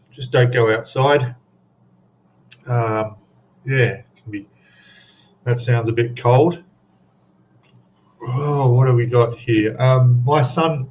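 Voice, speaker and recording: A man's voice: medium pitch, muffled recording. A man hosting a live stream about scale models, chatting casually in a rambling, self-deprecating way with lots of ums and trailing asides. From Australia. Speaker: scale modeling livestream host. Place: home hobby room.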